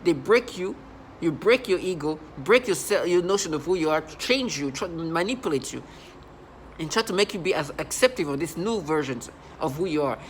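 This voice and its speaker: A man's voice: a little high, lively intonation, normal speed, a little hiss or hum. A man talking to camera in an agitated, rambling monologue, often repeating and restarting himself. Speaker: channel host.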